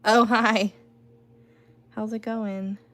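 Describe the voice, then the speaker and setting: A woman's voice: on the high side, flat delivery, very slow, fairly bright tone. A woman hosting an art livestream from home, chatting casually with lots of "like" and "you know".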